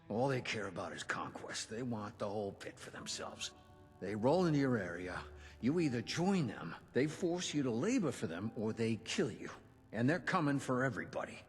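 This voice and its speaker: A man's voice: big-room sound, natural voice. Man voicing a weary resistance leader. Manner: earnest, plain-spoken, lively pitch. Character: weary male resistance leader recruiting fighters. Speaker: game character.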